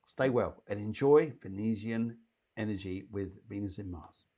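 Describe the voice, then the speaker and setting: A man's voice: fairly low pitch, a little slow, warm tone. A man hosting a live psychic show, giving readings in a chatty, rambling way with playful asides.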